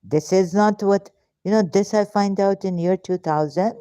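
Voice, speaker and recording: A woman's voice: mid-range voice, moderate pace, dark tone, clean tone, no echo, studio quality. A woman vlogger delivering an angry, frustrated, confrontational monologue straight to her viewers. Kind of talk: ranting monologue to camera.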